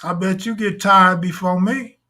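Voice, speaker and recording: A man's voice: high-pitched, steady tone, unhurried, sharp tone. A man hosting a live stream in casual talk, full of crude, boastful joking banter.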